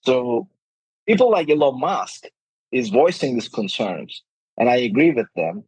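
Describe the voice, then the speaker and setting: Man, podcast guest, husky voice, mid pitch, earnest, emphatic. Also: sing-song, unhurried, a little mellow, dry recording, low-quality recording. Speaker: game studio CEO, podcast guest. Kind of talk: casual podcast interview.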